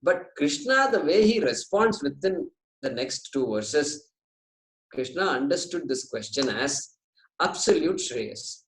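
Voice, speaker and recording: A man giving a scripture class, explaining Sanskrit terms slowly and with light jokes. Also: a little high, sing-song, reverberant, low-quality recording. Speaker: Vedanta teacher.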